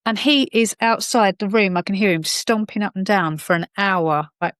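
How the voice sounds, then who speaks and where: A woman's voice: mid-range voice, moderate pace, fairly bright tone, no echo, clean studio sound. A woman telling a personal life story as a podcast guest, rambling with many fillers and acting out the dialogue.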